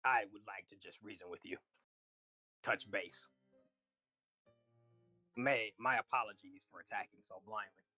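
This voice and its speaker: A man voicing his warrior character, pleading earnestly and demanding answers in a slow, steady way. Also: fairly low pitch, lo-fi sound, faint music behind. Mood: reasoning.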